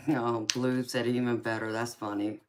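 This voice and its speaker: There's background noise behind this extremely low, level female voice, which moves a little slowly. The speaker, a Californian raised in Georgia, hosts a live stream as a tarot reader, chatting casually in a Southern American accent, laughing often and calling viewers sweetheart and honey.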